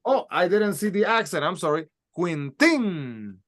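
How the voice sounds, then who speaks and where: A man teaching a Spanish class, slowly sounding out letters and words for his students to repeat. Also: sits high, a bit bright. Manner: slow, carefully sounds out letters and words for repetition. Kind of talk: classroom language lesson.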